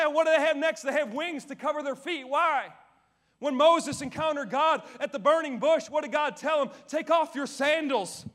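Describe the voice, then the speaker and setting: A male pastor preaching a sermon on stage, full of energy, asking the audience questions and swinging from loud declarations to quiet asides. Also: extremely high pitch. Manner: asks the audience questions and answers them. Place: church stage.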